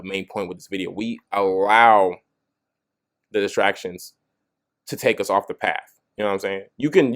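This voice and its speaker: A man's voice: lowish voice, a bit bright. A young man talks straight to camera in a loose, casual motivational style. He keeps circling back with "you know what I'm saying" and restarts lines as he thinks aloud. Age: young adult. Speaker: motivational video host.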